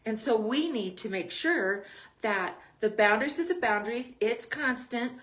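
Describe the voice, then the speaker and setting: A woman's voice: fairly high pitch, expressive, moderate pace, a bit bright. Chatty older woman giving parenting advice. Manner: chatty, laughs often between points. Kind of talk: casual advice talk.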